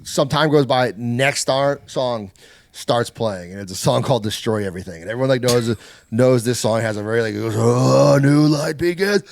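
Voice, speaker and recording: A man guesting on a podcast, telling excitable, laughing stories in casual chat. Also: medium pitch, brisk. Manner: laughing, excitable anecdotes about metal shows.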